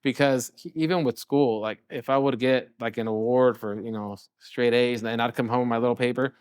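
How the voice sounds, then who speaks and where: A man's voice: medium pitch, brisk, clear, resonant tone, no room sound. Middle-aged chef guy from california, chatty storytelling, acts out the dialogue, dry close sound. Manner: animated storyteller, often acts out quoted dialogue. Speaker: chef and restaurant owner, guest. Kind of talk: casual interview storytelling.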